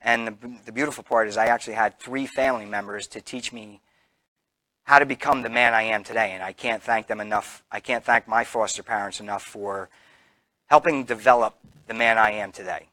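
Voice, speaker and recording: A man from New Jersey addresses a local gathering as a candidate, earnest and full of stops and restarts. His voice sits forward and bright, and the sound is dry and close. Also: on the low side, no echo. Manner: halting, earnest, many fillers and restarts. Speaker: political candidate. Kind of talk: campaign speech.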